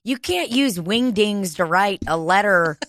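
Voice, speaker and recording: Woman rambling slow in a casual chat, crude jokes, bright voice, super dry mic. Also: medium pitch, expressive, no echo. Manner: rambling, joking and crude, laughs often.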